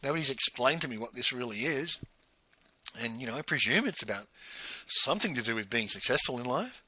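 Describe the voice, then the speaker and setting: A middle-aged man telling a personal story in a casual monologue, animated and acting out both sides of the remembered dialogue. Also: mid-range voice, a little fast, breathy edge, dry recording.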